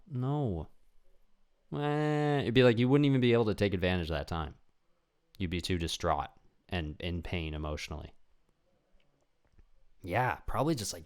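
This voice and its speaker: A man's voice: low voice, normal speed, long pauses. Rambling young man in a solo podcast. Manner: rambling, animated, acts out voices of people he imagines. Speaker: podcast host. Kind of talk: casual solo monologue.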